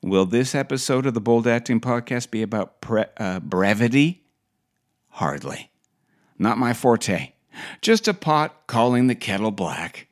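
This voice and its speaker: A middle-aged man hosting a podcast, delivering a wry, scripted comic monologue with deadpan asides. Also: mid-range voice, a little slow. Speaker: podcast host.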